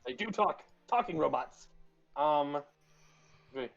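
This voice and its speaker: A man's voice: a little high, lively intonation, a little slow, gravelly. Joking man playing a tabletop game. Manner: joking, swears freely. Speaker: player. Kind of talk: casual tabletop game chat. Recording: dull lo-fi sound with faint music.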